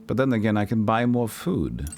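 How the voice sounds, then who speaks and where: Lively joking male game streamer. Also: on the low side, moderate pace, faint music behind. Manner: joking, rambling and profane. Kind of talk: casual gameplay commentary.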